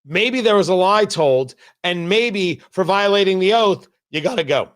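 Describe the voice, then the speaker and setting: Man, political talk host, sarcastic, combative, high voice, lively swings in pitch. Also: moderate pace. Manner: combative, sarcastic, emphatic repetition. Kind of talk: opinion monologue.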